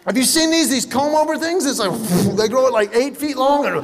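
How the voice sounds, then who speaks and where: A man doing stand-up comedy, telling animated stories and acting out the voices of the people in them. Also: very high-pitched, normal speed, very noisy. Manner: animated storytelling, acts out voices. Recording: live hall with audience.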